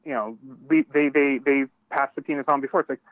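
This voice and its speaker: Phone guest, male, mid pitch, relaxed hesitant speech, muffled phone line. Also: fairly quick, no room sound. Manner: casual, hesitant, many likes and you knows. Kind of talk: phone interview. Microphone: telephone.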